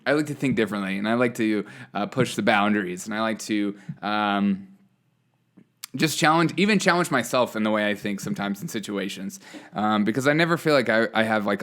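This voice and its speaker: A man's voice: lowish voice, a bit bright. A man hosting his own show, talking through his views in a rambling monologue full of fillers and restarts. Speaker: show host. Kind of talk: casual opinion monologue.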